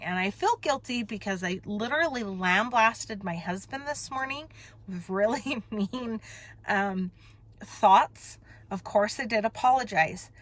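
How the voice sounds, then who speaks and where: A woman's voice: a little high, a bit bright, no echo. A woman talking candidly and emotionally to her viewers from a parked car, rambling and breaking off mid-thought. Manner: emotional, rambling, self-interrupting. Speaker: vlogger. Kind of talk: candid confessional chat.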